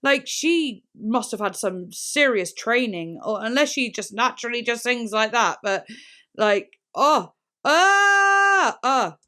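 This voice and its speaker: Excitable woman reacting to music. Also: a little high, a little slow. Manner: excitable and rambling, full of "like" and gasps. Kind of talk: casual music reaction commentary. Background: faint music playing.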